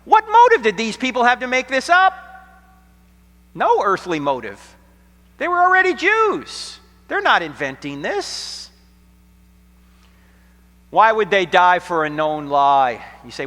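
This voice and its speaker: A middle-aged American man giving an apologetics lecture to college students, telling stories dramatically, sometimes hushed and sometimes nearly shouting, with a sarcastic edge. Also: sits high, big pitch swings, measured pace, pauses often. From United States. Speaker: Christian apologetics speaker. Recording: long hall reverb.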